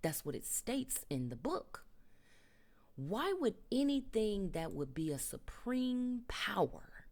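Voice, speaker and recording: A woman's voice: medium pitch, big pitch swings, slow, darkish tone. A woman vlogger giving an unscripted spiritual monologue at home, emphatic and profane, often dropping into whispers. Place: home with a TV nearby.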